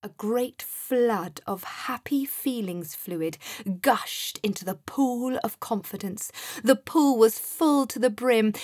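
A woman narrating a children's story in a slow, soft, soothing manner. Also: on the high side, no room sound, clean studio sound.

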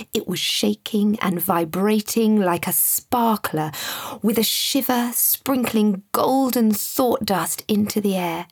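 A woman narrating a children's story in a calm, measured reading voice. Her tone is breathy and a little husky. She reads at a slow, unhurried pace, recorded close and dry. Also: mid-range voice, dry recording. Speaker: storybook reader.

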